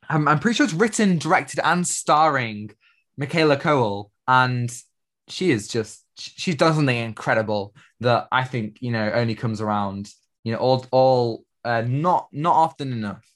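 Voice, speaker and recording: A young man with a mid-range voice, chatting eagerly as a podcast co-host. He repeats words and stumbles as he rushes to get his enthusiasm out. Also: medium pitch, a bit bright. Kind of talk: casual chat.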